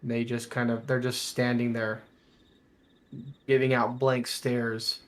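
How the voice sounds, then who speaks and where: A man's voice: mid-range voice, flat delivery, slow, a bit bright. A man narrating a tabletop game as game master, in loose, rambling sentences full of fillers.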